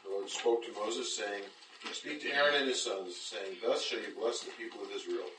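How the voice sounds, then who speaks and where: A man with a fairly low voice reads a scripture passage aloud in a steady way. He is heard from across an echoey room. Background noise is clearly audible. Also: normal speed, recorded from a distance. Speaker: class member reading scripture.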